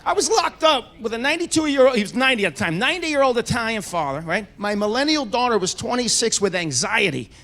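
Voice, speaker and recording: Brash high-voiced stand-up comic man. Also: expressive, fast, few pauses. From United States. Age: middle-aged. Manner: brash, profane storytelling, shouting punchlines. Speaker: stand-up comedian. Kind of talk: stand-up comedy set. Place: comedy club stage.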